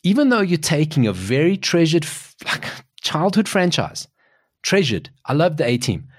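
A man in his forties co-hosts a casual podcast, telling stories with excitable, animated energy, his pitch jumping widely as he often restarts mid-sentence. He speaks at a moderate pace, and the sound is dry and close with no echo.

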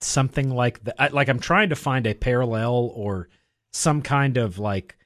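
A man's voice: medium pitch, moderate pace, fairly bright tone. A man co-hosting a casual chat about films, rambling with lots of fillers and restarts.

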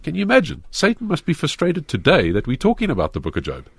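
A man's voice: a little high, wildly swooping pitch, fast talker, vocal fry, slightly rough, no room sound. A man, a pastor earnestly explaining faith questions in a studio discussion. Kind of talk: Christian talk show discussion.

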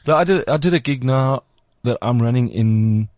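A man's voice: mid-range voice, normal speed, darkish tone, no room sound, studio quality. A man with a Cape Town South African accent, hosting a podcast in casual chat, laughing often and slipping into put-on voices. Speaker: podcast host.

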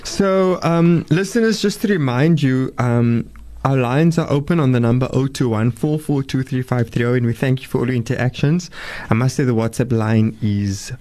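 A man's voice: medium pitch, normal speed, darkish tone. A man hosting a South African radio phone-in, chatting casually and reading out listener messages. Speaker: radio talk show host.

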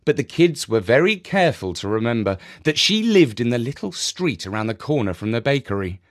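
A man narrating a children's story in a gentle, expressive way. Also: mid-range voice, brisk.

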